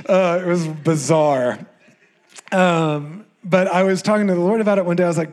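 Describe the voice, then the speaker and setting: A young adult male pastor with an American accent, preaching a sermon and telling a personal story with laughs, fillers and lively shifts of energy. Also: a little high, normal speed.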